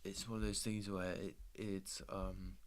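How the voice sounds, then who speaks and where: A man's voice: deep voice, flat delivery, a little slow. A young man chatting casually while trading, laid-back and slangy, swearing freely. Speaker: trader streaming his trading. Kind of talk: casual chat.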